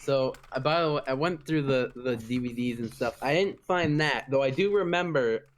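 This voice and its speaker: A man's voice: medium pitch, moderate pace. A man co-hosting a podcast, chatting and reminiscing in a laid-back way. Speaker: podcast co-host. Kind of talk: casual chat.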